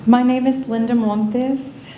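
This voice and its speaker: A woman speaking as an aunt at a memorial gathering, gentle and measured. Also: a little high, steady tone, reverberant, a little hiss or hum, rough recording. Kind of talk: informal memorial tribute.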